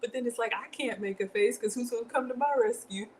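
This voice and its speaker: A woman hosting a home cooking livestream, telling stories in an animated, chatty way and talking straight to her viewers. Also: on the high side, fast, slight background noise. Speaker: home cook livestream host.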